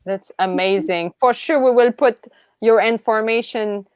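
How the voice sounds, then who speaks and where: A fairly high-pitched woman hosts an interview at a slow, unhurried pace, gushing with praise. Her voice is dry and close, with no room sound around it. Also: a little mellow, clean tone, dry recording. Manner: enthusiastic, searching for words, effusive praise. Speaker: podcast host. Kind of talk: interview podcast.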